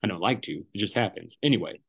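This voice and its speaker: A podcast host talks alone in a low, expressive voice, fast, with vocal fry and a breathy edge. His casual solo monologue rambles, swears freely and keeps restarting as he corrects himself.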